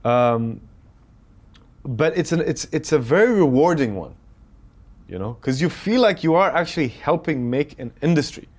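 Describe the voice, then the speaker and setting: A man's voice: a little high, moderate pace. A man from the United Arab Emirates, a film director in his thirties, telling anecdotes in a casual interview and acting out what others said. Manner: animated, quotes others while telling anecdotes.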